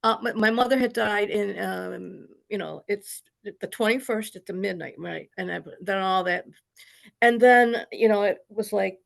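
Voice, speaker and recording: A woman's voice: mid-range voice, normal speed, vocal fry. A woman sharing a personal story in an online group, earnest and rambling, with many restarts. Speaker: study group participant. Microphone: video call.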